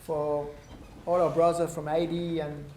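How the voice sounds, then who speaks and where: A man with a French accent giving a public talk to an audience. He speaks haltingly with many ums, and his voice is going hoarse. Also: on the high side, flat delivery. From France. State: losing his voice. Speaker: visiting ambassador speaking to an audience. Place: lecture room at a university. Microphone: no microphone, room recording. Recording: echoey room with faint noise.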